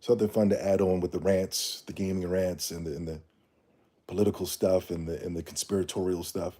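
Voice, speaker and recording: A man's voice: deep voice, level tone, fairly quick, mellow. A man hosting a casual livestream, ranting bluntly in slangy talk and reading the chat. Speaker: streamer.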